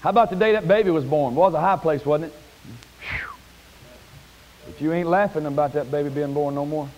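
A man preaching a sermon in a church, folksy and plain-spoken, climbing to high shouted peaks. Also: brisk, dull audio. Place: church sanctuary.

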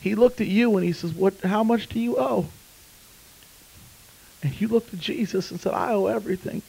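A man delivers a sermon in a high voice. He drops to a hush while telling a story, then climbs to fervent shouts. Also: normal speed, vocal fry, slightly rough, rough recording. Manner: impassioned, swings from hushed to shouting. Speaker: preacher.

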